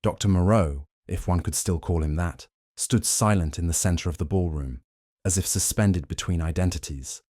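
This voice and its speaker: A man narrating a mystery audiobook in the first person, with steady, measured storytelling. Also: low voice, no room sound, clean studio sound.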